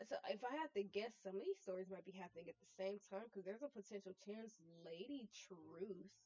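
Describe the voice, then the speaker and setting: A woman's voice: medium pitch, warm tone. A woman streaming a story game, chatting casually, swearing and laughing as she reacts, and reading the story aloud. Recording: dull lo-fi sound.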